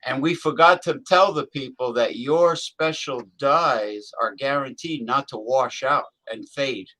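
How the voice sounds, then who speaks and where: A man's voice: mid-range voice, a little slow, sharp tone. A man hosting a casual chat who chimes in with short remarks.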